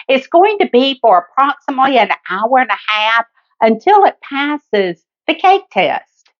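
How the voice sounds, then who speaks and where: Her voice sits on the high side, recorded with lo-fi sound. She's a Southern-accented woman running a homey cooking demonstration in her own kitchen, chatting with viewers and calling them "guys" and "honey."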